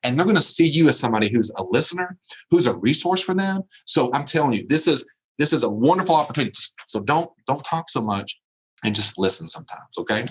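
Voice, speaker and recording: A man's voice: mid-range voice, expressive, fast, breathy edge, poor audio. A middle-aged man giving a humorous keynote speech. He laughs often at his own jokes and repeats phrases for emphasis. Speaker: keynote speaker.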